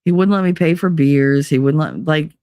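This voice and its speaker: A woman in her forties telling a casual late-night story on a stream, animated and swearing freely as she acts out quoted voices. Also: low voice, normal speed, no room sound, studio quality.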